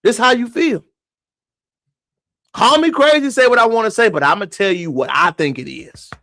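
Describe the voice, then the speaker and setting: A man's voice: high voice, normal speed, pushed and bright. A man giving impassioned live-stream commentary, emphatic and preachy, who keeps calling his viewers y'all. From moved to Texas from elsewhere.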